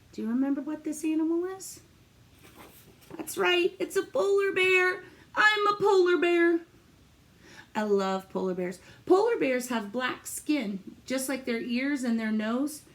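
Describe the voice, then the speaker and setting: A woman teacher reading a picture book aloud to young children, animated and encouraging as she asks them questions. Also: fairly high pitch.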